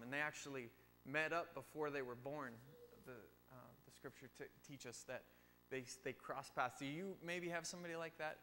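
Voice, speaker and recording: Bright-voiced man preaching casually. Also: mid-range voice. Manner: informal, chatty, joking asides. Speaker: youth speaker. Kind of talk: casual youth sermon. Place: church sanctuary. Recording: long church reverb with faint hum.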